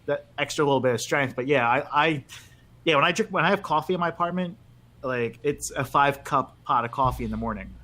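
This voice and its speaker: Bright-voiced, chatty male podcast co-host. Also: medium pitch, fairly quick. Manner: chatty, rambling, restarts his sentences. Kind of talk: casual chat.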